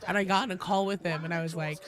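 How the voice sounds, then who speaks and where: A woman game streamer with a badly damaged, hoarse voice, coughing now and then as she chats casually with her live chat, rambling and swearing freely. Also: fairly low pitch, fairly even intonation, very fast. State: coughing between sentences. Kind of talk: casual livestream chat, answering chat.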